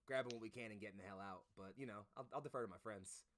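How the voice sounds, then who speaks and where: Fast-talking, effusive male streamer. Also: fairly low pitch, background noise. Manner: effusive and chatty. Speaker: co-host and player. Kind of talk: casual stream chat.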